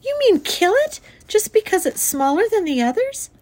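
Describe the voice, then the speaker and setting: A woman voicing an upset eight-year-old farm girl, pleading in a shrill, tearful voice for a storybook reading. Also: unhurried. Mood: distraught.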